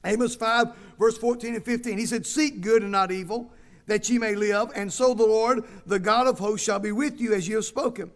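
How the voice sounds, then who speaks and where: Male pastor with a high-pitched voice, preaching with emphatic repetition and reading scripture aloud. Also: fairly even intonation, normal speed. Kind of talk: sermon.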